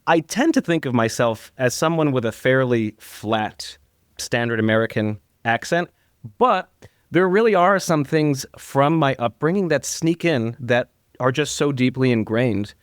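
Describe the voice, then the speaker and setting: A man's voice: medium pitch, expressive, a little slow, no echo, studio quality. A man from northern New Jersey hosting a podcast interview, talking eagerly with frequent restarts. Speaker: podcast host. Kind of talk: conversational interview.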